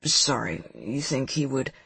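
An easygoing, slangy young guy on a motorbike, as a woman reader puts him on. His voice sits a little lower and softer than hers, husky and close on a dry recording. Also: sing-song, unhurried, dry recording, full character voice. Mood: hesitant. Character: laid-back young man, friendly biker.

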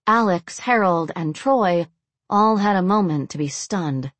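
Woman, audiobook narrator, low-pitched, steady measured reading, dry close sound. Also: no room sound. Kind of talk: scripted narration.

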